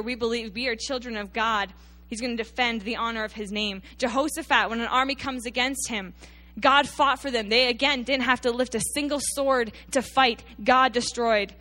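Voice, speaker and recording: A woman preaches to her congregation, her voice sitting a little higher than most. She retells scripture in an emphatic storytelling way, sometimes sinking into quiet, intense delivery. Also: steady tone, normal speed. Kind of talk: sermon.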